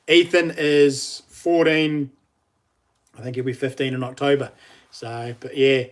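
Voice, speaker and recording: A man's voice: mid-range voice, little pitch movement, takes it slowly. A middle-aged man with a New Zealand accent, chatting casually on a live stream, laughing often and reading out viewer messages.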